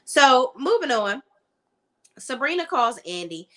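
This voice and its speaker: A woman's voice: high voice, sing-song, slow, fairly bright tone. Opinionated woman recapping a TV episode. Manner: opinionated, slangy and blunt. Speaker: TV show reviewer.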